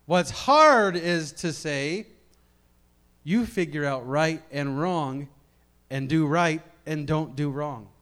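This pastor's voice sits on the high side, and he preaches slowly to his congregation. His sermon alternates between soft reflection and loud emphasis, with words repeated as the intensity builds.

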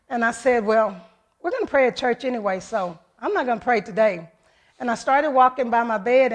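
A woman giving an earnest, heartfelt personal testimony to her church, retelling events through many quoted voices. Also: fairly high pitch. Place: church service.

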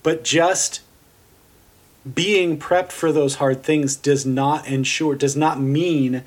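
A man's voice: on the high side, fairly even intonation, slow. A man hosting a casual discussion podcast, talking earnestly and thinking aloud with many fillers and restarts. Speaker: podcast host.

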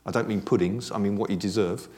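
A man preaching a sermon in a conversational, animated way, dropping joking asides to a congregation that answers back. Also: on the low side, fast. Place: church service with congregation responding.

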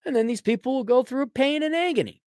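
A man hosting a podcast, delivering a blunt, mocking solo rant and often clearing his throat. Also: very high voice, animated, fast talker, darkish tone, no room sound, clean studio sound. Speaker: podcast host. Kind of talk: ranting solo commentary.

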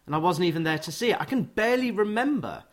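Higher-pitched male radio host. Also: animated. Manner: chatty, quick interjections. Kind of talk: casual radio interview.

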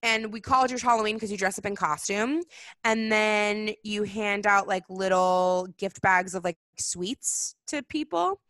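A woman's voice: medium pitch, unhurried, dry recording, studio quality. A young woman chatting casually and explaining holidays, telling stories with lots of "like", laughing and acting out voices. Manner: animated storytelling, acts out voices, frequent "like" and laughs. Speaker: guest explaining Jewish holidays. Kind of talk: casual chat.

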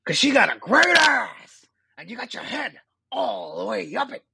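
A man doing an impression of a gruff, hot-tempered tough-guy detective from a film, shouting in a strained voice. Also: high-pitched, sing-song, a little slow, pitched above the performer's own voice, exaggerated voice. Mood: enraged. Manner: loud, strained bellowing.

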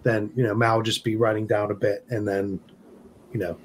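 A man's voice: on the low side, little pitch movement, fairly quick, a little hiss or hum. A man who is a player in a tabletop role-playing game, talking in a hesitant, rambling way.

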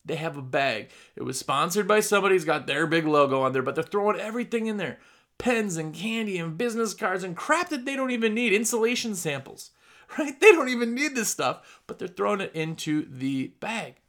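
Emphatic Midwestern man with a higher voice. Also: expressive, a little fast, a bit bright. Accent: Midwestern American. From Wisconsin. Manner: emphatic, plain-spoken, acts out customer dialogue. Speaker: window cleaning business owner giving advice. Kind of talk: casual business coaching talk.

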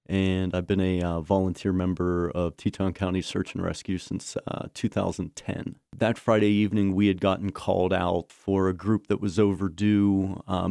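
A man with a very deep, gravelly voice recalls a rescue call-out plainly and practically. He sounds close to the mic. The room gives no echo. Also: a little mellow. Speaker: search and rescue volunteer. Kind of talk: interview recollection.

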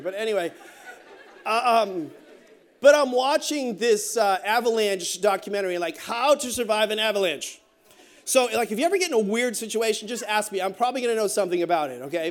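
A middle-aged man preaching a sermon as pastor, telling stories with joking asides in an animated way. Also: high voice.

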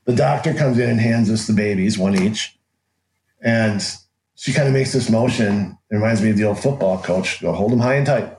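Animated man in a roomy echo. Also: on the low side, normal speed, slight background noise. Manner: animated, laughs often, acts out quotes with restarts. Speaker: interview guest. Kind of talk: casual anecdotal storytelling.

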